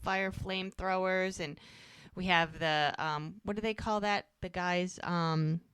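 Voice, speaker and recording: A woman's voice: lowish voice, a little slow, smooth, no room sound. An American woman co-hosting a podcast, chatting casually and rambling through an episode recap, quoting characters along the way. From United States. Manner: chatty, rambling, quotes characters in lively voices. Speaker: podcast co-host.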